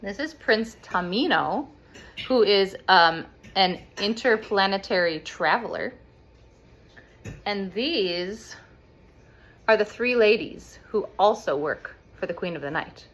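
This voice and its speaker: A woman explaining an opera plot to children as an expressive storyteller. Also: mid-range voice, takes it slowly. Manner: animated, expressive.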